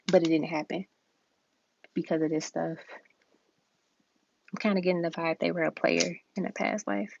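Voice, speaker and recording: A woman chats her way through a live tarot reading, relaxed and talkative. Her voice sits low with a gravelly fry. The stream audio is dull and lo-fi, with steady hiss and keyboard clicks behind her. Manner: casual, chatty, laughs often, reads card messages aloud. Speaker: tarot reader.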